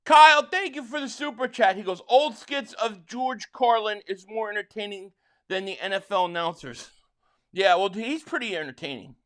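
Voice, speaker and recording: A man from Philadelphia hosting a live football watch-along, excitably calling plays and reading viewer chats, stammering on restarts. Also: high voice, moderate pace. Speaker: livestream host and fan.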